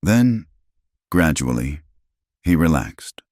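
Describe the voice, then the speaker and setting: Very deep-voiced male story narrator. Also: big pitch swings, takes it slowly, a little mellow, no echo, clean studio sound.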